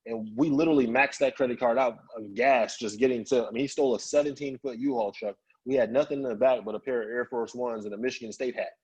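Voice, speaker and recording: Guest speaker from Chicago, a man with a husky mid-range voice, telling his story with lively acted-out quotes. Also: mid-range voice, fast talker, hardly any pauses, poor audio. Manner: animated, acts out quoted voices of family and friends. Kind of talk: personal storytelling.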